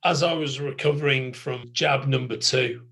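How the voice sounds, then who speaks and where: A man's voice: medium pitch, fairly even intonation, moderate pace, vocal fry, a bit bright, breathy edge. A man co-hosting a podcast in casual chat, teasing and laughing often. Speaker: podcast co-host.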